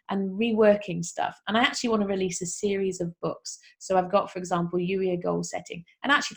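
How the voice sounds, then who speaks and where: A woman's voice: medium pitch, gravelly. A woman hosting a self-help podcast, talking casually and encouragingly to her listeners, upbeat and chatty, with asides. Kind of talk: casual motivational talk to listeners.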